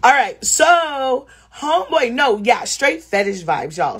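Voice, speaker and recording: A woman's voice: fairly high pitch, slow, husky. A woman telling a story on a live stream from home over her phone, talking bluntly with lots of swearing. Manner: blunt, animated, swears freely. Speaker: vlogger. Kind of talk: casual live storytelling to viewers.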